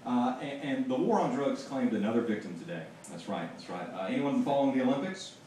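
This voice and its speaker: A man working through a stand-up set at an open mic, his pitch swinging widely as he drives toward each punchline. He sounds set back from the microphone in a strongly echoing room, with clear noise around him. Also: lively intonation, brisk. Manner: joke-telling, building to loud punchlines. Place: small open mic venue with audience. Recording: distant mic, echoey room, noisy audience.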